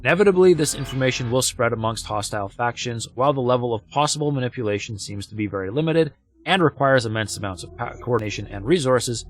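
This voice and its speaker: A man doing a newscaster voice, reading a formal report aloud in a measured, even delivery. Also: mid-range voice, natural voice. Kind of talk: reading game text aloud in character.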